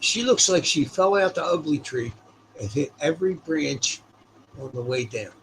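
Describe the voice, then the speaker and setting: A man's voice: a little high, lively intonation, normal speed, slight background noise, poor audio. A man heckling crudely, throwing coarse insults.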